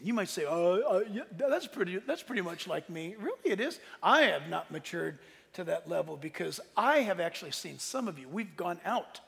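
A man preaching a sermon as pastor, animated and joking, often laughing and shouting in a church. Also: high voice, gravelly, husky, in a large hall.

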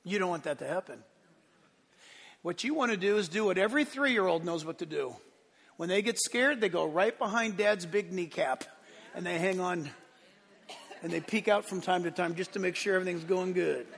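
A man preaching from the pulpit with a very high, bright, forceful voice. He hammers his points home, then drops to hushed asides. His words ring out with the long reverb of a church sanctuary. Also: normal speed, gravelly. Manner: emphatic preaching, swinging between loud declarations and hushed asides. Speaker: pastor. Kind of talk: sermon.

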